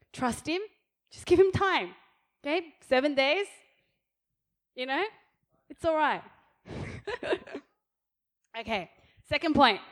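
A woman in her thirties giving practical marriage advice in a sermon, chatty, laughing often and checking in with "okay?". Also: high-pitched. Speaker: pastor's wife, speaker.

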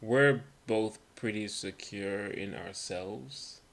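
A man's voice: fairly low pitch, slow, creaky, a little hiss or hum. A man in his thirties or forties, co-hosting a podcast in casual chat, telling stories with slang and frequent laughter. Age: 30s or 40s. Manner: laughing storyteller, slangy and animated. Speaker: podcast co-host.

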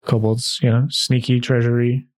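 This man's mid-range voice is a little mellow, and his delivery is flat at a moderate pace. He hosts a podcast and narrates as game master in a laid-back style, filler sounds cropping up often through the casual chat and tabletop narration.

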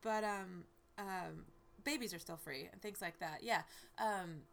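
A woman's voice: fairly low pitch, a little slow, vocal fry, fairly bright tone. A woman from the American South, a touring performer, chatting eagerly as a guest with lots of restarts. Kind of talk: casual conversation.

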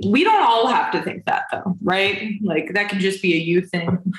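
A woman in her twenties with a medium-pitched, lively voice co-hosts a podcast over a video call, speaking at normal speed. She chats casually with a dry, teasing humor, and the call has a roomy echo.

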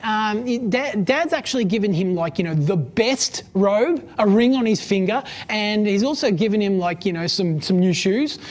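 A woman's voice: medium pitch, lively intonation, moderate pace, hardly any pauses, a little mellow, lightly acted. A woman voicing a chatty male household servant who passes on the news in a gossipy way.

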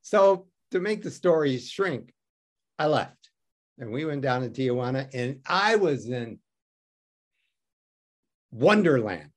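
Lively wry man from Detroit. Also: mid-range voice, slow, long pauses. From Detroit, USA. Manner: wry, self-mocking, acts out quoted dialogue. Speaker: guest. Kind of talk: animated storytelling.

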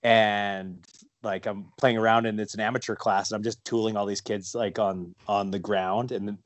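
Rambling low-voiced man on a podcast. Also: flat delivery, moderate pace, dry recording. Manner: rambling, many "like" fillers and restarts. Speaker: guest, fighter and wrestler. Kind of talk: casual podcast chat.

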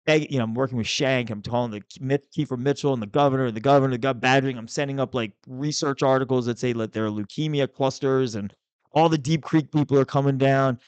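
A man's voice: fast, clean tone, no echo. Guy telling a big story on a podcast, acts out everyone's lines, super dry close mic. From Maryland, US. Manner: animated, acts out quotes with big pitch jumps. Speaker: podcast host, former state senator. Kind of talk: casual storytelling chat.

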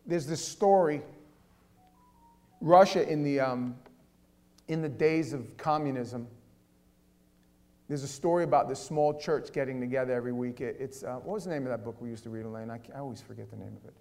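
A male pastor preaching a sermon in a casual, animated way, swinging between loud and hushed delivery. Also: medium pitch, fairly quick, pauses often.

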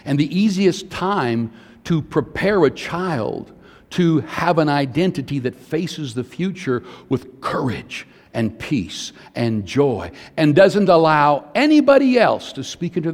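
A man's voice: fairly high pitch, animated, a little slow. An older man preaching a sermon, a conversational pastor who tells personal family stories to make his points. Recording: long hall reverb.

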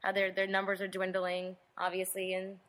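A woman co-hosting a podcast, talking casually and chattily with quick restarts. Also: medium pitch, completely flat delivery, a bit bright. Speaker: podcast co-host. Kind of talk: casual chat.

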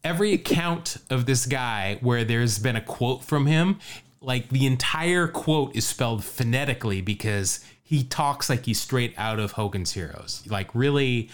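A man's voice: mid-range voice, expressive, unhurried. A man co-hosting a podcast, telling baseball history in casual chat with frequent laughs and asides. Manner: laughs often, storytelling with asides. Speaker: podcast co-host.

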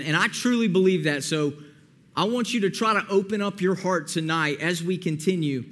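A young man preaching a sermon, praying earnestly and then retelling a parable in a lively way. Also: a little high. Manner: earnest, pleading prayer, then animated retelling. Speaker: pastor. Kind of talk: sermon with prayer and scripture reading.

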